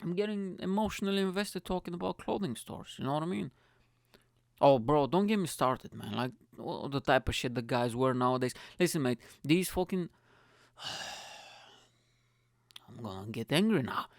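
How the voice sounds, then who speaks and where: A man hosting his own podcast from his attic room, talking in an excitable, profane, joking monologue. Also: on the high side, moderate pace, vocal fry, long pauses, dry recording. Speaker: podcast host. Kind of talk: casual solo podcast monologue.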